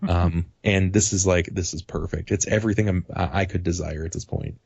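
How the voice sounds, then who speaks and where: Low-voiced man rambling about his games. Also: brisk, creaky, breathy edge, no room sound, muffled recording. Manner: animated, rambling, swears casually. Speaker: podcast guest, tabletop game master. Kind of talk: casual podcast chat.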